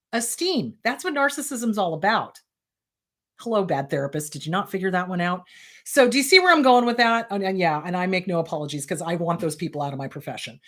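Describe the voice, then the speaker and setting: A woman therapist hosts a casual advice show, answering viewer questions in a blunt, emphatic way. Her pitch swings widely from one phrase to the next, keeping her delivery lively and animated.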